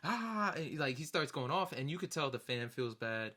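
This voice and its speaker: A young man casually telling a long story, rambling with lots of fillers and jumping into high-pitched voices to act out other people. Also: moderate pace, sharp tone. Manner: rambling, lots of "you know" and "like". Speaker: vlogger recounting concert memories.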